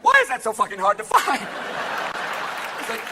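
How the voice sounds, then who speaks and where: A man doing a stand-up comedy routine, manic, swinging between shouts and hushed asides, recorded live on stage. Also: extremely high pitch, sing-song, moderate pace, pauses often, crowd noise, noisy background.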